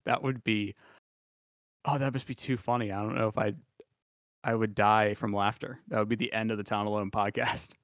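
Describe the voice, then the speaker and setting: Dude cohosting a football podcast, rambly and chill, dead dry mic. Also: male voice, on the low side, little pitch movement, moderate pace, fairly bright tone, dry recording. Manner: rambling, laughs at himself. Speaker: podcast co-host. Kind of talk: casual sports chat.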